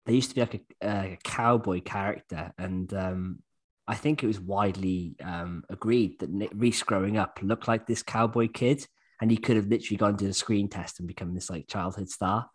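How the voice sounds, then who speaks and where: A man's voice: on the low side, moderate pace. A man, hosting a podcast in a casual, jokey chat full of fillers. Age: 30s. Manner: chatty and jokey, many fillers and restarts. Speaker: podcast host.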